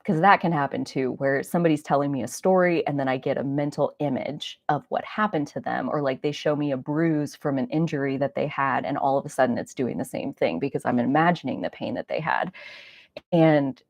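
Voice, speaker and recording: A woman hosting an astrology talk show, telling stories in a rambling, animated way with lots of "like" and some swearing. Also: rumbling low, a little fast, no room sound. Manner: rambling, animated storytelling with frequent "like" and mild swearing. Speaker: astrology podcast host. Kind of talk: casual solo chat.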